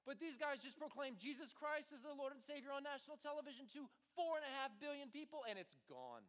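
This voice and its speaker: A man preaching an energetic sermon to a live audience, animated and full of dramatic asides. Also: very high-pitched, fast. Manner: animated, jumps between voices for quotes.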